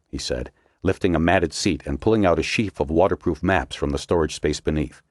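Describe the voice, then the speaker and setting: A man reading a thriller audiobook in a measured, dramatic storytelling manner. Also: a bass voice, no echo, studio quality. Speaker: audiobook narrator. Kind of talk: scripted narration.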